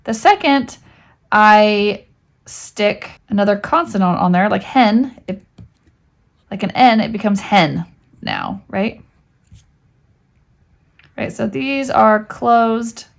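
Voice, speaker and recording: Speaking slowly with frequent pauses, this woman has a medium-pitched, creaky voice and lively intonation. She's a homeschool teacher casually explaining spelling and syllable rules one step at a time, tossing in "right?" again and again.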